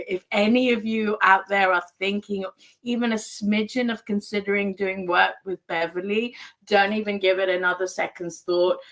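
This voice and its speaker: A woman's voice: mid-range voice, fairly bright tone. A woman guest on a podcast, speaking in an effusive, emotional way and laughing often. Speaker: guest, energy healing practitioner. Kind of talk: casual interview chat.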